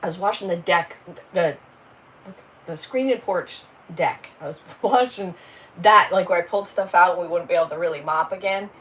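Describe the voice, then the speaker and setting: A woman's voice: lowish voice, moderate pace, fairly bright tone, poor audio. A woman, hosting a casual crafting livestream, chatty and rambling as she greets viewers by name.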